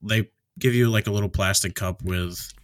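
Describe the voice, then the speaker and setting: Guy swearing a lot in laid-back chat, lowish voice, dry sound. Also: steady tone, normal speed, no echo. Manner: swears freely, laughs often. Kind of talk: casual chat.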